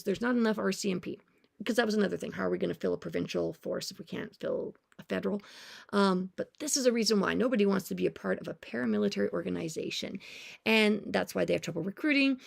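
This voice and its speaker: A woman talks through her notes in a loose, sarcastic, conversational way. Her mid-range voice carries a heavy gravelly fry, and she drops wry self-aware asides as she goes. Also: mid-range voice, fast talker. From Canada. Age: 40s. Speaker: music teacher and vlogger. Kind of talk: casual commentary on her notes.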